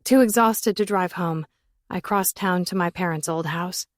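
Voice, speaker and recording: A woman's voice: fairly low pitch, a little slow, no room sound, studio quality. A woman narrating an audiobook in the first person, with an intense, emotional delivery.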